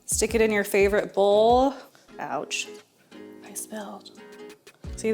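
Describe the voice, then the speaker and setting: A woman's voice: medium pitch, darkish tone. A young woman hosting a home cooking video, talking straight to the viewer in a friendly, chatty way. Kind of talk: casual cooking demonstration.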